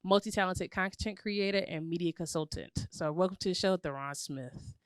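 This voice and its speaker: A woman's voice: on the low side, normal speed, smooth, dry recording, studio quality. A woman hosting a podcast, interviewing a guest in an enthusiastic, slangy chat. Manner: enthusiastic, slangy, says "you know what I'm saying". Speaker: podcast host.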